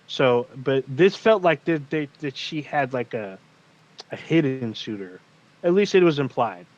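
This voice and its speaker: A podcast co-host with a medium-pitched voice and measured pace recaps a TV episode in casual chat, animated and profane, swearing often and acting out the characters' lines. The audio is muffled and lo-fi.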